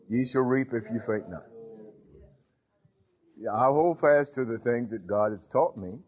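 A male pastor giving a sermon, halting with fillers, then building to emphatic points. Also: mid-range voice. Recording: tinny phone-like audio.

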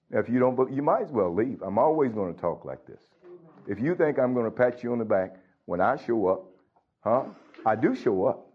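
A man's voice: lowish voice, slightly rough. A man preaching a sermon as pastor, reading scripture and bluntly scolding his congregation. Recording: dull lo-fi recording.

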